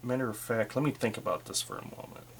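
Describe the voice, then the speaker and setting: A man's voice: medium pitch, fast, a little hiss or hum. A man narrating a solo tabletop roleplaying game in a casual way, thinking aloud and using fillers.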